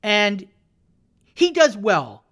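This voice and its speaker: A comedian in his fifties, from Canada, spins a long profane story on a podcast. His pitch swings widely as he slips into the voices of the people he describes. His talk stays loose and conversational. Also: huge pitch swings, drawn-out words, a bit bright. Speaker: guest comedian.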